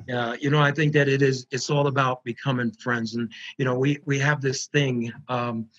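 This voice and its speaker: A man's voice: mid-range voice, level tone, normal speed, fairly bright tone, muffled recording. A man who founded a prisoner reentry program, telling stories earnestly and repeating words for emphasis on a video call. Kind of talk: storytelling in an online panel interview.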